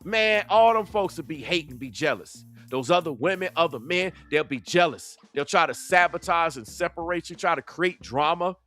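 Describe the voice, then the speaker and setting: A man's voice: on the high side, animated, normal speed, hardly any pauses, fairly bright tone, faint music behind. A man hosting a livestream commentary, preachy and emphatic, stretching words out in a sing-song way. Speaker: commentary channel host.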